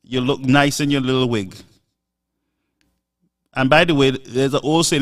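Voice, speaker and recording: A man's voice: medium pitch, fairly even intonation, a little slow, long pauses, fairly bright tone, far from the mic. A man hosting a live show, delivering an emphatic, preachy monologue full of rhetorical asides.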